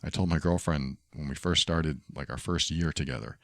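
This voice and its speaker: A deep, gravelly male voice carries this solo podcast monologue. He speaks earnestly and reflectively, circling back to the same phrases as he works through his point. The sound is dry and close, with no room around it. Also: moderate pace, fairly bright tone, no echo. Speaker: podcast host.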